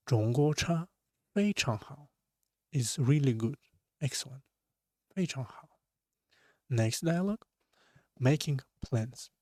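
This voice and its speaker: Male language teacher, slow deliberate drills with swooping tones; dry recording. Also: medium pitch, dark tone, no echo. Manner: repeats each word slowly, drawn-out Chinese tones. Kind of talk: slow language lesson explaining words.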